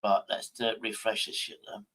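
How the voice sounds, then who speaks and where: A man's voice: fairly low pitch, level tone, moderate pace, pushed and bright. A man livestreaming in casual chat, rambling to himself and swearing constantly.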